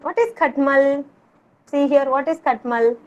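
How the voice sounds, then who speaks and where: A young woman teaching a kindergarten Hindi class over a video call, drilling words in Indian English with slow, patient repetition. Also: high voice, a little mellow, highs cut off, a little hiss or hum. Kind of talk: online class teaching children.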